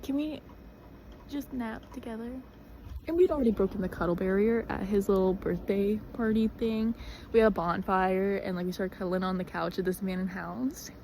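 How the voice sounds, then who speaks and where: A woman's voice: medium pitch, fairly quick, dark tone, slight background noise, poor audio. A young woman telling a story in a chatty, dramatic way, full of fillers. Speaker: vlogger. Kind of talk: casual storytelling.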